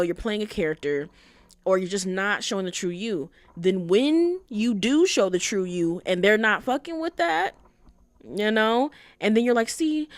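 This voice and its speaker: A young woman in casual commentary mode, chatty and opinionated. She leans on slang and cusses freely. Her voice sits mid-pitch and is recorded dry and close. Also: no room sound. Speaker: anime commentator.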